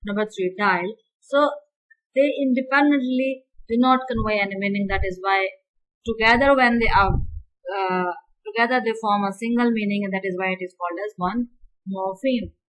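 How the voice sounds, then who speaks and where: A woman giving a university lecture, explaining slowly and repeating key words and examples. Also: mid-range voice, a bit bright, rough recording.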